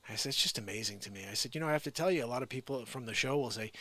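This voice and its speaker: A man hosting his own show, telling a personal story in a casual, animated way and acting out both sides of each conversation. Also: medium pitch, fast, no echo. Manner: animated retelling with quoted dialogue. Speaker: show host.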